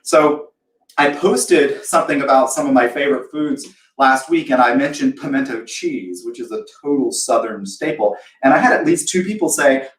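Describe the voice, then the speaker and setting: A man's voice: mid-range voice, normal speed, echoey room, recorded from a distance, rough recording. A man from the American South hosting a live cooking demo, chatty and self-deprecating, acting out imagined reactions as he talks through a recipe. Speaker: host of a live cooking show.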